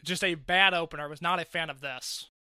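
High, very bright-voiced man. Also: steady tone, a little fast, clean tone, dry recording, clean studio sound. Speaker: podcast co-host. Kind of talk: casual chat reviewing a wrestling show.

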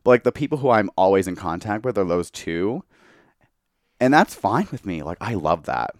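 A man's voice: deep voice, big pitch swings, normal speed, no room sound, clean studio sound. A young man talking candidly as a podcast guest, a bit tipsy from tequila, filling his speech with "like.". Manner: candid, heavy use of "like". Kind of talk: casual chat.

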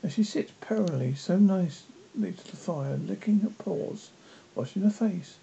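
A reader giving a polite, curious young girl a lifted voice in a halting storybook reading. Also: medium pitch, lively intonation, gravelly, warm tone. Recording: dull lo-fi with faint noise.

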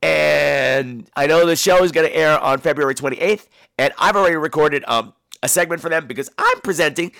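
A man's voice: fairly high pitch, brisk, creaky, dry recording, studio quality. A man hosting a podcast in a casual monologue, telling stories in a campy, theatrical way and swearing freely. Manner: animated, profane storytelling. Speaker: podcast host.

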